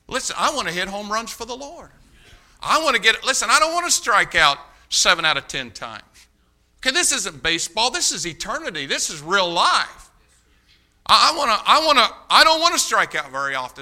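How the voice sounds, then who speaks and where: A man preaching with a very bright, cutting tone and a voice sitting a little high. He tells a folksy story and then exhorts young people. He moves between hushed asides and loud, rising calls. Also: very animated, a little fast. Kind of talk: sermon.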